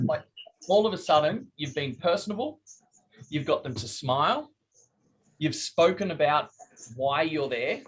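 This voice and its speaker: A man's voice: a little high, fairly bright tone, husky, rough recording. A middle-aged man, coaching a group over a video call in a chatty, joking way and acting out phone calls. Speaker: business coach.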